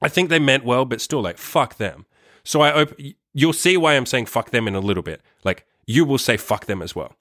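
A man's voice: mid-range voice, expressive, fairly quick, fairly bright tone, no room sound, studio quality. A young man telling a personal story to camera in a rambling, profane way, full of fillers and tag questions. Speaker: vlogger.

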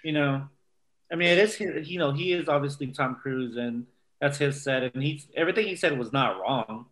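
A man's voice: mid-range voice, normal speed, fairly bright tone. A man co-hosting a casual podcast chat, easygoing and hedging his points with fillers. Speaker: podcast co-host.

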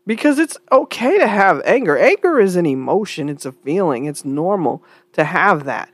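A woman giving an earnest spoken commentary, asking rhetorical questions with sighs and lively pitch swings. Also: normal speed, no echo.

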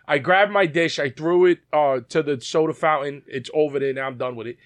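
A man's voice: fairly high pitch, fairly quick, few pauses. A man telling a heated story in casual chat, swearing freely and acting out what people said. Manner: animated storyteller, swears freely, acts out quotes.

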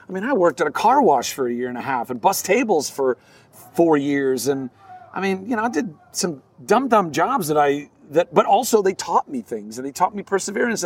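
An actor talks earnestly and reflectively in an interview, often breaking into laughs. His fairly high male voice sounds a little distant from the microphone.

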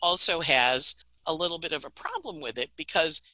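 A middle-aged woman astrologer giving a casual, animated forecast, laughing at her own stories. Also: low-pitched, moderate pace, no echo, rough recording.

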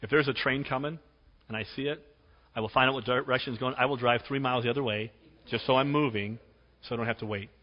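A man's voice: medium pitch, fairly even intonation, fast. A man pastor preaching a sermon in a conversational, storytelling way, repeating words for emphasis. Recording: dull sound in a reverberant hall.

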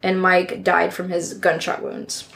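A woman's voice: fairly low pitch, completely flat delivery, measured pace, creaky, a bit bright. Woman casually narrating a true crime case. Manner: reads from notes with casual asides and self-corrections. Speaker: true crime podcast host.

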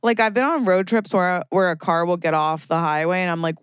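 Woman host, lower voice, chatty and playful solo chat with voiced-out asides, dry close sound. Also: a little fast, few pauses, clean tone, dry recording. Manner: chatty and playful, acts out her own thoughts in voices. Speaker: podcast host. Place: lives in a big city.

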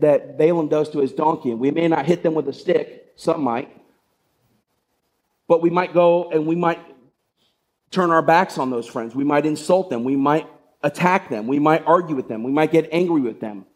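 A man's voice: a little high, normal speed. A male pastor giving a sermon, retelling a story in a conversational way with rhetorical questions.

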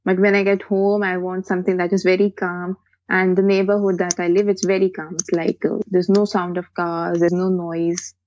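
A woman's voice: fairly low pitch, little pitch movement, normal speed, a little mellow, lo-fi sound. A woman with a Pakistani accent, a podcast guest, talking hesitantly and restarting her phrases. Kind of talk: casual interview chat.

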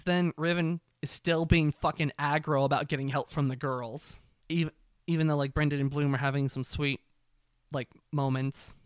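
Young man, casual recap chat, animated and profane, smooth slightly high voice, dry close sound. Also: moderate pace, no room sound. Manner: animated storytelling, swears freely, acts out characters. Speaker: podcast co-host.

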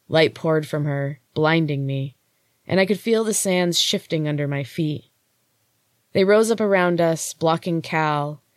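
A woman's voice: low-pitched, no room sound. Woman reading a story, dry and close. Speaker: podcast host and story reader. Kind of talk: first-person story narration.

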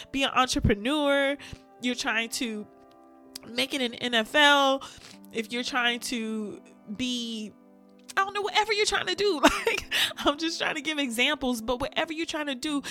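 A young woman hosting a podcast, talking candidly and with feeling, often breaking into laughter. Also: sits high. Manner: candid, animated, laughs often, speaks of faith. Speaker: podcast host. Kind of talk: casual heartfelt chat.

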